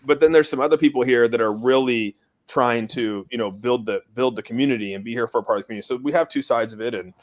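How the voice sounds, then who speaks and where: A man's voice: medium pitch, fast talker. A man hosting a casual crypto livestream from outside in a shed, rambling with lots of fillers. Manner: rambling, filler-heavy, laid-back. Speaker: crypto community stream host.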